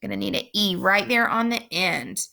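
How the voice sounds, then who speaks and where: A woman teacher giving a recorded phonics lesson, speaking slowly and clearly and repeating each word for young learners. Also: mid-range voice, pushed and bright. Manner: slow, clear instructional pacing with repeated words.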